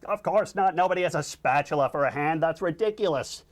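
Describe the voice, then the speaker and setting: Guy doing a cranky cartoon squid, kinda high, dry and dismissive. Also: a little fast, close to an everyday voice. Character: grumpy sardonic male cartoon squid. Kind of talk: acting out a storyboard pitch.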